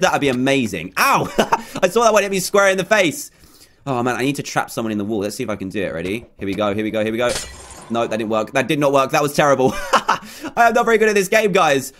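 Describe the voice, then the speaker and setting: A man commentating a video game minigame excitedly, repeating phrases and often laughing. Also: medium pitch. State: out of breath. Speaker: gaming video host.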